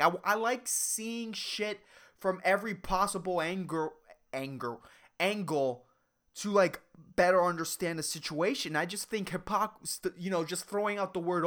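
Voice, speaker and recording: A woman hosting a solo podcast rant, rambling, swearing a lot and cutting herself off, over-caffeinated. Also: lowish voice. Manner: profane, rambling, excitable, self-interrupting. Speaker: podcast host.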